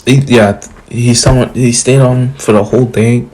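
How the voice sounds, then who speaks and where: A man's voice: mid-range voice, fairly even intonation, normal speed, a little mellow. A young man casually retelling a fan story, rambling with restarts.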